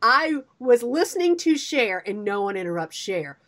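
A high-pitched middle-aged woman co-hosting a radio show in casual chat. She tells animated stories and throws herself into every quoted line. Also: moderate pace. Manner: animated storyteller, acts out quotes.

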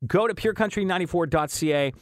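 Speaking at a quick pace in a high-sitting voice, a man runs a morning radio show from the studio, casually chatting and reading out texts from listeners. He's upbeat, quick to laugh, and prone to restarts, and the studio mic gives a clean, echo-free sound.

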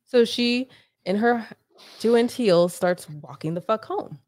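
A woman's voice: fairly high pitch, lively intonation, slow pace, a little mellow, no room sound, clean studio sound. A woman as a podcast guest, retelling a painful family story in a blunt, profane way with rising urgency. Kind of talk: emotional personal storytelling.

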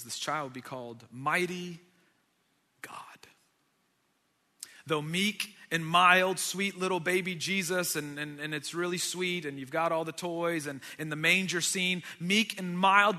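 A man preaching a sermon, swinging between loud declarations and near-whispers. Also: high-pitched. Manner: dynamic, shifts from loud to whispered. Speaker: pastor. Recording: long hall reverb.

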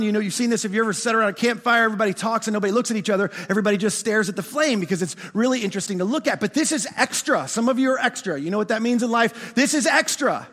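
A man preaching a sermon as pastor, animated, often restarting words and asking his congregation questions. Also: extremely high pitch, long reverb tail.

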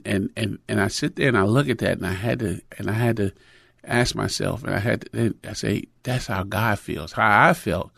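A man's voice: on the low side, vocal fry, no room sound, studio quality. A middle-aged man preaching in a conversational sermon, telling a personal story with many fillers and restarts.

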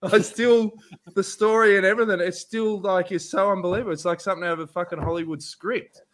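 A man's voice: high-pitched, fairly even intonation, fast talker, fairly bright tone. A man with a slightly raised voice tells stories at full energy. He swears freely and laughs through his own tales in casual podcast chat. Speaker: podcast host.

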